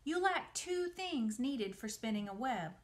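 A woman voicing a wise, calm female spider in a storybook reading, speaking in a soft, patient advising tone. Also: a little high, unhurried, pitched above the performer's own voice. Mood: gently advising.

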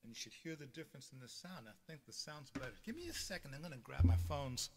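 This drum teacher talks fast in a somewhat high, animated voice, with loud music behind him. He's leading a live-streamed lesson for beginners, breaking down hand technique one step at a time and often asking "okay." Drum sounds fill the roomy, echoing space between phrases.

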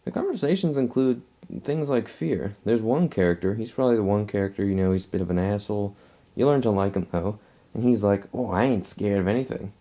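A man's voice: on the low side, expressive, fairly quick, warm tone. A man giving a casual movie review, rambling and restarting his phrases as he talks at home.

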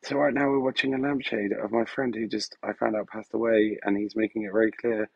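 A man's voice: mid-range voice, fairly quick, gravelly, breathy edge, dry recording, dull audio. A man hosting a live stream, talking in a hesitant, rambling way full of fillers, his voice turning emotional at moments. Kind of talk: casual live-stream chat. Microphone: phone.

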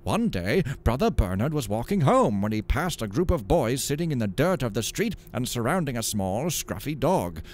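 A man's voice: mid-range voice, very animated, moderate pace, hardly any pauses, a little mellow, slight background noise. A man hosting a let's play, chatting casually and jokily, and reading in-game stories aloud in a dramatic storytelling voice. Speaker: gaming channel host.

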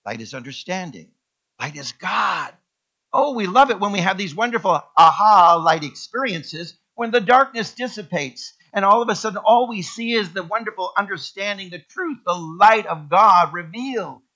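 A male pastor preaching a sermon in a church, emphatic and repeating key words with sweeping rises in pitch. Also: lively intonation, moderate pace, pushed and bright, muffled recording. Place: church sanctuary.

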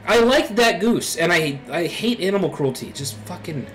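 A man's voice: high-pitched, animated, normal speed, a bit bright, a little hiss or hum, low-quality recording. A young man giving emotional, profanity-laden let's play commentary, rambling as he reacts. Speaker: gaming YouTuber.

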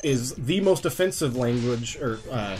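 A man's voice: medium pitch, animated, a little slow, darkish tone. Guy hosting a let's play, goofy banter, voice bounces up and down a lot, music in the background. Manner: jokey, playful banter with a co-player. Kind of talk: casual gameplay commentary.

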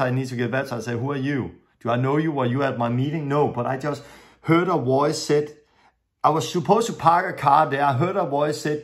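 Earnest preacher with English. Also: male voice, medium pitch. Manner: earnest, storytelling, non-native English with grammar slips. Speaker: preacher teaching a lesson. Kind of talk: sermon-style teaching with stories.

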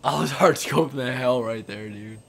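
A young man giving loud, excitable, trash-talking commentary while playing a game against a friend. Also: medium pitch, moderate pace, vocal fry. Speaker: gaming YouTuber.

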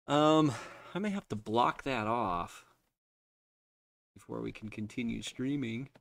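A man's voice: medium pitch, vocal fry, dry recording. A man chatting casually while streaming a game from his unfinished basement, laughing often and joking at himself. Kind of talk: casual live-stream chat.

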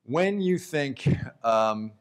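A man at a medium pitch hosting an onstage interview. He slips in short affirmations and poses his questions carefully, with a few ums along the way. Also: lively intonation, clean tone. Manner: quick affirmations, measured questions with fillers. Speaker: radio host and interviewer.

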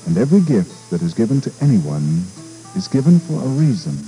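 A man's voice: on the low side, big pitch swings, mellow, faint music behind, poor audio. A man doing a wise old silver wolf. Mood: gentle, reassuring. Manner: slow, deliberate and kindly.

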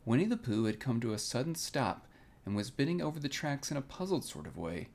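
Gravelly-voiced man reading a bedtime story. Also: mid-range voice, brisk. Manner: calm, expressive reading. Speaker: storybook reader.

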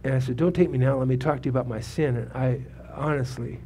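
A man's voice: mid-range voice, fairly even intonation, quick pace, dark tone, a little hiss or hum. A man in his seventies, a pastor preaching a sermon with a personal testimony, talking conversationally and putting questions to the congregation. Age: 70s. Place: church sanctuary.

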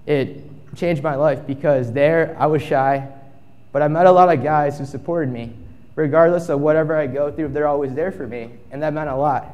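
A man's voice: fairly high pitch, darkish tone, long reverb tail. A young man in his twenties giving a casual storytelling talk at a conference, acting out the quotes in his story. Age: 20s. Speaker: conference speaker. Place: conference stage.

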